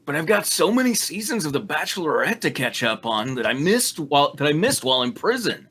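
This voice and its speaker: A man's voice: a little high, sing-song, a little fast, a bit bright, breathy edge, pitched above the performer's own voice, exaggerated voice. A man reading as a snarky ex-con.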